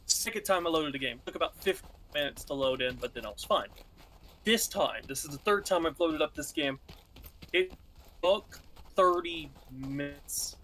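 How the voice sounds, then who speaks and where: A man's voice: fairly high pitch, expressive, moderate pace, a bit bright, slight background noise. A man hosting a casual gaming stream, rambling and laughing often with friends. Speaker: streamer host.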